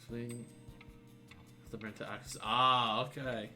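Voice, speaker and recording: A man's voice: mid-range voice, brisk, bright, forceful tone, faint music behind. Rambling, self-mocking man streamer. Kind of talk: casual chat while playing.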